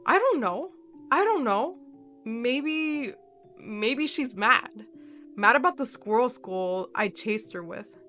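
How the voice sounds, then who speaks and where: A raging young man in a horror storybook, loud and raw as he sneers and curses, as a woman reader puts him on. He sits a little higher than her own voice and pushes hard. Faint music plays underneath. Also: takes it slowly. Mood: angry, accusing. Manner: shouting, sneering, cursing. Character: angry young man hurt and accusing.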